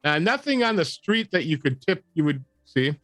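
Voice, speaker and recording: A man acting as game master in a casual tabletop session, relaxed and hedging, often laughing. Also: on the high side, normal speed, no echo, faint music behind.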